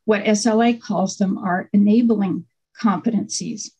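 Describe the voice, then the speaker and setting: A middle-aged woman, a faculty panelist, giving a conversational workshop talk over a video call with frequent pauses and fillers. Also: medium pitch, fairly even intonation, dark tone, slightly rough, rough recording. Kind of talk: online workshop presentation.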